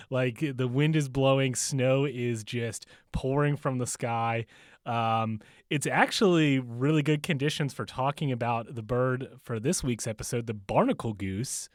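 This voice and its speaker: A man hosts a podcast in an easy, rambling way, laughing at his own jokes between fillers. His voice sits at a middle pitch and is recorded dry and close, in a bookstore. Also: dry recording. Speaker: podcast host. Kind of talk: casual podcast monologue.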